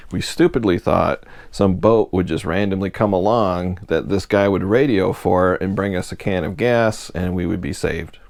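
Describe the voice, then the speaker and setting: A man from Michigan telling a personal story in a relaxed, self-deprecating way, chuckling at himself now and then. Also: low-pitched, normal speed, creaky, few pauses, no room sound.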